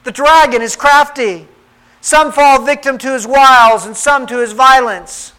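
A man voicing an old king and father who speaks gravely and tenderly in a storybook reading. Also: very high-pitched, a little slow, bright, forceful tone, exaggerated voice, poor audio. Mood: commanding.

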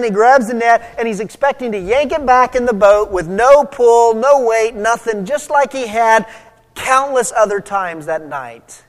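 A man preaching a sermon, retelling a story with lively, acted-out voices for the people in it. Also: very high-pitched. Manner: animated storytelling, acting out quoted voices. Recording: long hall reverb.

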